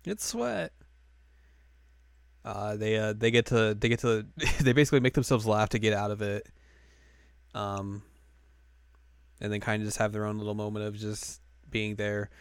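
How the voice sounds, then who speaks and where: A man's voice: lowish voice, flat delivery, moderate pace, clean tone, no room sound. A man hosting a podcast, recapping an episode in a rambling, casual way with lots of fillers. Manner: rambling, filler-heavy, laughs often. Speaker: podcast host.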